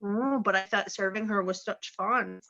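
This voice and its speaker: A cheeky, nosy little girl, as a woman plays her who wheedles with prying questions. The voice is bright, on a dull lo-fi recording. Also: medium pitch, steady tone, moderate pace. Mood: wheedling.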